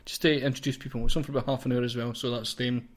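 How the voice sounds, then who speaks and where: A man's voice: medium pitch, little pitch movement, very fast. A young Scottish man hosting a podcast in casual, sweary chat, laughing often with his co-host. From Scotland.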